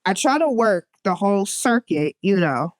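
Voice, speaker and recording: A woman co-hosting a podcast in casual chat, telling animated stories. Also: mid-range voice, moderate pace, dry recording, studio quality. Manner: animated storyteller, mimics gym noises. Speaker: podcast co-host.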